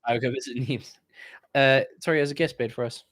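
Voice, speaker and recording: A man's voice: medium pitch, steady tone, fast, a bit bright, no room sound. A man hosting a casual live-stream Q&A, reading viewer comments aloud and bantering about them.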